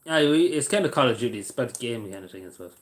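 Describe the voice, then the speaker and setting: Irish guy rambling on his stream, hesitant, bit sweary, middle pitch. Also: animated, racing. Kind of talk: casual livestream chat.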